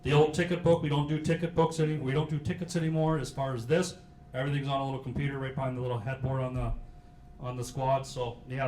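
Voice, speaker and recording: A man's voice: mid-range voice, a little mellow. A middle-aged man, a county sheriff giving an informal history talk in a meeting hall, folksy and joking, with many fillers. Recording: roomy hall with faint hiss.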